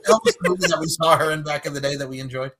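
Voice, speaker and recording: A man's voice: a little high, steady tone, rapid-fire, music in the background. A young man co-hosting a podcast, chatting with eager, slangy banter. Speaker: podcast co-host. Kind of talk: casual banter.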